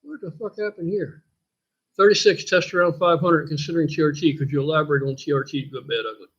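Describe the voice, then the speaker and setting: A man's voice: a little high, fast, fairly bright tone, breathy edge. An older man hosting a casual live stream, rambling in a blunt, profane way and answering viewer questions. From United States. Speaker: host. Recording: dull lo-fi stream audio.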